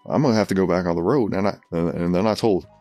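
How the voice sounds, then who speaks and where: A man doing a comedic impression of a raspy, boastful older male pro wrestler who rambles through a tall tale full of restarts. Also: deep voice, fast talker, a little mellow, no room sound, soft background music. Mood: rambling. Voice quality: raspy, gravelly.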